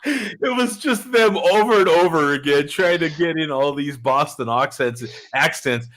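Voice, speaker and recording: A man hosting a casual online talk show over a video call, chatty and quick to laugh. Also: a little high, fairly bright tone. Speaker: show host. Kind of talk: casual chat.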